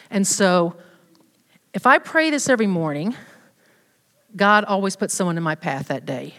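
A woman's voice: medium pitch, expressive, moderate pace, long pauses, a bit bright. A woman giving a personal faith testimony to a group, talking casually with many fillers and restarts. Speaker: speaker at a church women's event. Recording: long hall reverb.

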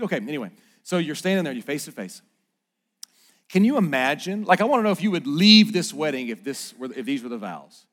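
A man in his thirties, a pastor, preaching a sermon in a conversational, animated way with playful asides to the congregation. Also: medium pitch, fast talker. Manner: playful asides and mock quotes to the audience.

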